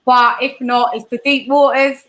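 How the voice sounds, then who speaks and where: A woman's voice: high voice, fairly even intonation, unhurried, fairly bright tone, poor audio. A woman with a Cockney accent giving her boxing prediction in a chatty, hesitant way. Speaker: boxing analyst. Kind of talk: casual chat.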